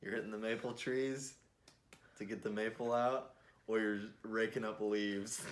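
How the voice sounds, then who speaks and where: A young man with a lowish voice, chatting loosely with a friend. He laughs a lot and keeps throwing in quick jokey asides. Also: slight background noise. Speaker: podcast co-host. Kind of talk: casual chat.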